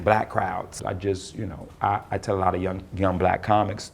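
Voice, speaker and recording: Low, gravelly comedian. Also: male voice. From North Carolina, USA. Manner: relaxed, rambling with repeated restarts. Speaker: comedian being interviewed. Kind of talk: casual interview answers.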